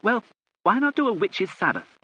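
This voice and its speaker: A man playing a talkative young man who keeps pitching clever schemes. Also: huge pitch swings, fairly quick, a bit bright, slightly rough, dull audio, exaggerated voice. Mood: animated. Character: chatty young man Stephen, full of ideas.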